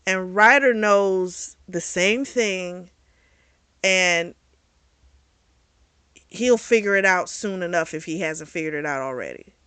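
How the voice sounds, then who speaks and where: A woman hosting a book club channel, recapping a novel in a casual, animated way and swearing freely. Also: on the low side, slow pace, long pauses, clear, resonant tone, no room sound.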